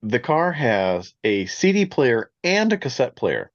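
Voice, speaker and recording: A man in his forties, a podcast co-host in casual chat, telling an animated story and laughing often. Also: mid-range voice, unhurried, dry recording, muffled recording.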